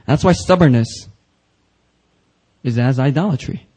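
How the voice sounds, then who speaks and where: This sermon comes from a male pastor whose medium-pitched voice is dark and slightly rough, moving a little slowly on a low-quality recording. He preaches with emphatic, casual energy and slang, building intensity on the passages he quotes.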